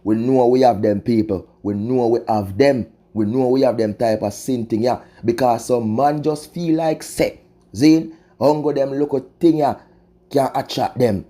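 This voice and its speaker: A man's voice: mid-range voice, a little slow, warm tone. A man with a Jamaican accent giving impassioned commentary in patois, emphatic and preachy, often breaking off with rhetorical asides. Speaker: vlogger.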